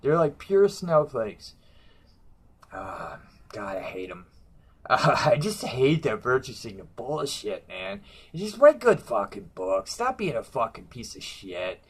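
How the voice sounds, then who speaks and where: A man's voice: medium pitch, very animated, unhurried, breathy edge. Man, comic book reviewer, casual rant, brash, cusses a lot, mocking.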